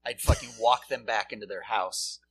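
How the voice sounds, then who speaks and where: A man's voice: steady tone, normal speed, fairly bright tone, husky. A man co-hosting a podcast, swearing a lot and jumping into exaggerated voices to act out his jokes. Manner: profane, jumps into high put-on voices for bits. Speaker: podcast co-host. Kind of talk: casual comedic banter.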